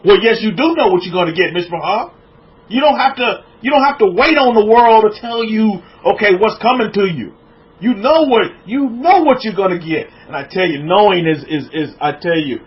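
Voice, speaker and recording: Animated preacher man, lo-fi sound. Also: sits high. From United States. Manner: animated, repeats words, reads viewer comments aloud. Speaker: preacher hosting a livestream. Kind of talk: informal sermon with chat shout-outs.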